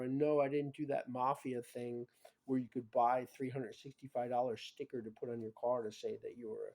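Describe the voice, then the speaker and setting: A man talking in a rambling casual monologue, full of "you know" and "bro", swinging between low mutters and loud emphatic bursts. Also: flat delivery, fairly quick. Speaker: vlogger.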